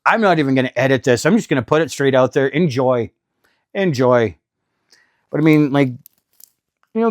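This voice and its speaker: A man's voice: mid-range voice, animated, moderate pace, long pauses, no room sound. Chatty middle-aged man, dry sound. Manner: chatty, exasperated, self-deprecating ranting. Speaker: RV vlogger. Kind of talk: casual vlog talk.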